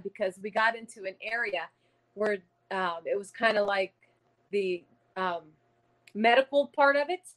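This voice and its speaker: A middle-aged woman tells a ghost story in a slightly high voice. She is a medium, and she talks with earnest drama, stringing the tale together with "you know" and "like.". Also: poor audio. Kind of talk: conversational ghost story telling.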